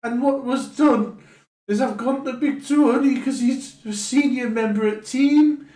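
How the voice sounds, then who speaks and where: A woman's voice: on the high side, a little slow, mellow, reverberant. A woman telling a rambling comic monologue in a chatty, colloquial way. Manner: chatty, rambling, laughs often. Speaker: comedy sketch performer.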